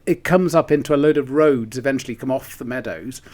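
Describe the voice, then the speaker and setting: A man's voice: mid-range voice, brisk, darkish tone. A man, co-hosting a podcast and telling a rambling, self-deprecating story with laughs mixed in. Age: 60s. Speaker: podcast co-host. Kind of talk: casual chat.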